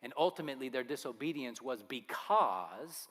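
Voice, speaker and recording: Earnest pastor preaching in a reverberant hall. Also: male voice, mid-range voice, animated, normal speed, a bit bright. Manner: earnest, fires rhetorical questions. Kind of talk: sermon. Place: church sanctuary. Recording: long reverb of a church hall.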